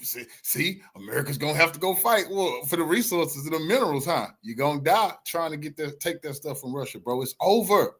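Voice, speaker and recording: A man tears into a clip he is watching, loud and mocking, full of slang. His voice is husky and a bit high, and it swings wildly from shouts down to low mutters. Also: animated, brisk, few pauses. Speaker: reaction streamer. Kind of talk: ranting reaction commentary.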